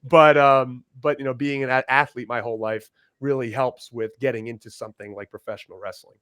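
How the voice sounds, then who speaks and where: A man from Rhode Island, a guest on a wrestling podcast, telling animated stories in a casual chat and laughing often. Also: medium pitch, a little fast, clear, resonant tone, no room sound. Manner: animated, laughing storyteller with frequent restarts. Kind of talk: casual storytelling interview.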